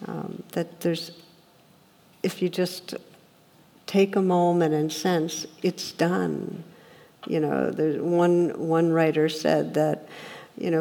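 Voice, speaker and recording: A woman's voice: deep voice, steady tone, slow pace, gravelly, pauses often, warm tone. A woman meditation teacher giving a reflective dharma talk, speaking earnestly and telling stories to make her point. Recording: long hall reverb.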